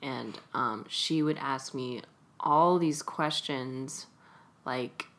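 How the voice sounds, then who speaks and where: A woman's voice: rumbling low, very slow, a bit bright. A young adult woman from California, chatting casually as an interview guest and laughing often. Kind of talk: casual conversation.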